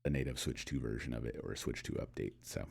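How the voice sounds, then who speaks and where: Low voiced guy rambling on a gaming podcast, lots of ums and restarts. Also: fast, gravelly, a little mellow, breathy edge. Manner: rambling, with many fillers and restarts. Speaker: podcast co-host. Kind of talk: casual chat.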